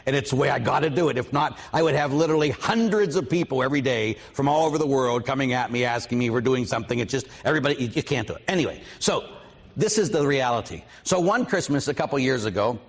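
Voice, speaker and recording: Priest telling stories in a reverberant hall. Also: male voice, medium pitch, fast talker. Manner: storytelling, lively quoted voices, asks audience questions. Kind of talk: parish mission talk.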